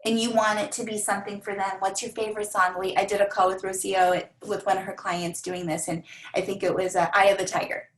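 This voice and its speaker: A woman coaching a team of coaches in an energetic, repetitive manner, often acting out the voices of clients. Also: mid-range voice, a little fast, roomy sound, poor audio. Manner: energetic, repeats phrases, acts out clients' voices.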